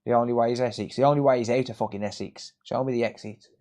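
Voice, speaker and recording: A man's voice: medium pitch, fairly even intonation, fast, a little mellow. A man chatting casually on a live repair stream, blunt and sweary, joking and ranting as he works. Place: repair workbench.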